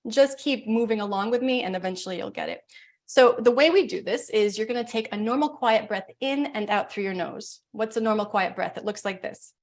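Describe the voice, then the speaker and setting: Woman breath coach, video call workshop, quick explanations, slow soothing counts. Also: on the high side. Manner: talks fast, then slow and soothing when guiding breaths. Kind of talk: live online workshop, guided breathing.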